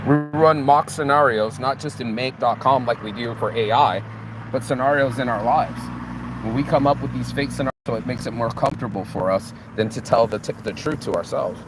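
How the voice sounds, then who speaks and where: A man delivers a loose motivational monologue at a middle pitch, full of rhetorical questions and restarts. His voice is recorded outdoors, with clear traffic noise behind him. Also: brisk. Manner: preachy, rhetorical questions, repeats and restarts words. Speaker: motivational vlogger.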